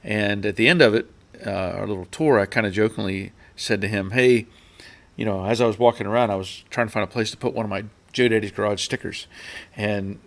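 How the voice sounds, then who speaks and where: A man with a somewhat low voice hosts a casual live stream. He rambles through his stories with fillers and restarts, then reads viewers' comments aloud. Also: a little fast, vocal fry.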